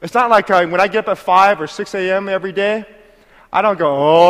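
High-voiced preaching man in a hall. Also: brisk. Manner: lively, acts out voices, builds to shouted praise. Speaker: pastor. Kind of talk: sermon. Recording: hall reverb.

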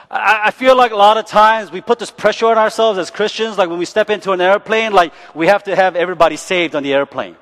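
A man's voice: high-pitched, quick pace, hardly any pauses, fairly bright tone. A man in his forties, a pastor, preaching a sermon as chatty stories, often laughing and asking "right?". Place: church. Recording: echoey church hall.

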